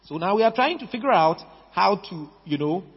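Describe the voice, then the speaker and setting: Emphatic Ghanaian preacher, echoing hall. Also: male voice, high-pitched, lively intonation, a little fast, breathy edge. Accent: Ghanaian English. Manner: emphatic, repeats words, stresses key words. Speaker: pastor. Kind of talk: sermon. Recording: dull lo-fi recording in a reverberant hall.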